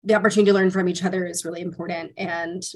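A woman's voice: lowish voice, very fast. Chatty woman telling stories, peppered with "like". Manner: animated storytelling, heavy use of "like", swears freely. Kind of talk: casual chat.

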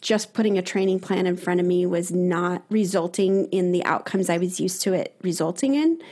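A woman's voice: lowish voice, normal speed, warm tone. Earnest, hesitant woman guest. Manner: earnest, hesitant, many ums and restarts. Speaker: guest, runner. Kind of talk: casual conversation.

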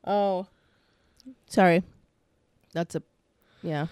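A woman co-hosting a podcast in a smooth, clear voice. She rambles and pokes fun at herself, often pausing mid-sentence to hunt for a word. The sound is close and dry. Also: lowish voice, steady tone, a little mellow, no room sound. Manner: rambling, self-deprecating, searches for words. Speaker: podcast co-host. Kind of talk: casual podcast chat.

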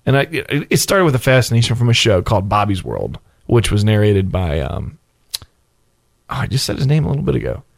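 A man's voice: lowish voice, fairly quick, gravelly, no echo, studio quality. Guy in his 30s telling stories on a podcast, voice jumps up and down, keeps laughing. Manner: laughs often, tells animated anecdotes. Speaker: podcast host. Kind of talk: casual chat.

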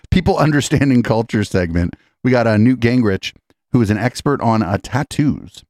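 A male podcast host with a mid-range, expressive, slightly mellow voice reacts incredulously to political clips at a moderate pace. His commentary is sarcastic, mocking and profane, recorded in a clean studio with no room sound.

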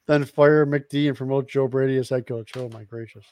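A man's voice: medium pitch, steady tone, brisk, darkish tone, clean tone, no room sound. A man co-hosting a casual sports podcast, joking around in a laid-back way. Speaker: podcast co-host.

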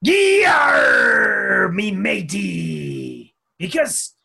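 A man voicing a blustery male pirate, growling and shouting his words. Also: high-pitched, wildly swooping pitch, drawn-out words, creaky, breathy edge, full character voice.

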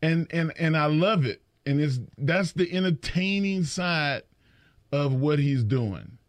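A middle-aged man in a casual chat about wrestling, telling animated stories and acting out quotes, often repeating words as he starts. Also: fairly high pitch, slow pace, no echo. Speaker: wrestling podcast co-host.

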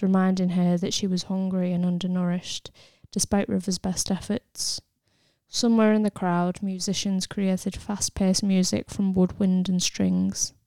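A woman narrating an audiobook in a steady, even storytelling manner, recorded close in a studio. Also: medium pitch, creaky, dry recording. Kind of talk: scripted narration.

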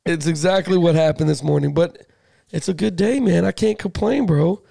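A man co-hosting a casual sports podcast, animated, swearing freely and tripping over his words. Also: fairly high pitch, moderate pace, vocal fry, no room sound, clean studio sound. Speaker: podcast co-host.

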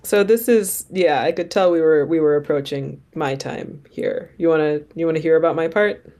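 A woman's voice: sits low, moderate pace, mellow. A woman hosting a podcast, chatting casually and with amusement about a movie and asking questions. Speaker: podcast host. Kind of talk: casual chat.

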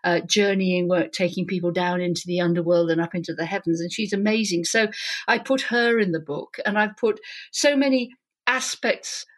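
A woman, an author and vicar, telling personal stories with lively emotion in an interview. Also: lowish voice, normal speed. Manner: animated, emotional storytelling. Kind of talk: interview conversation. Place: Devon, England.

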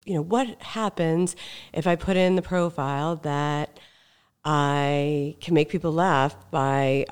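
A woman's voice: deep voice, slow pace, clear, resonant tone. A woman hosting a podcast in a casual interview, upbeat and playful. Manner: upbeat, playful, laughs easily. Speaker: podcast host.

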